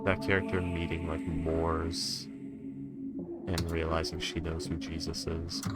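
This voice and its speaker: A man's voice: low-pitched, monotone, unhurried, over loud music. A man playing a tabletop game, chatty and joking as he speaks for his character. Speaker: player. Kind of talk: casual tabletop game chat.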